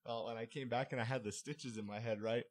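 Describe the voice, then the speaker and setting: A man's voice: medium pitch, steady tone, quick pace, a crowd in the background. Young male co-host, mid voice, storyteller who acts out every quote. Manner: dramatic storyteller, mimicking voices, laughing. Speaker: podcast co-host. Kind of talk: casual chat among friends.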